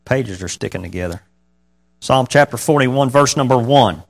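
A man delivers a sermon in an easy, conversational way, with a voice of ordinary middle pitch. He keeps asking his congregation questions. He reads scripture aloud in old-fashioned wording. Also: expressive, moderate pace, vocal fry. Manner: conversational preaching with rhetorical questions. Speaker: pastor.

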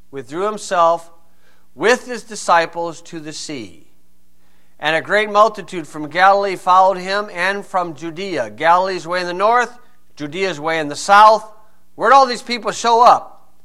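A man's voice: high voice, unhurried, bright, forceful tone. A man teaching through Bible verses in a conversational way, asking rhetorical questions and telling personal stories.

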